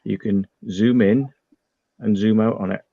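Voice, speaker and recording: A man's voice: on the low side, steady tone, measured pace, gravelly, no room sound, phone-quality sound. A man hosting a casual chat, rambling with repeated words and restarts. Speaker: channel host.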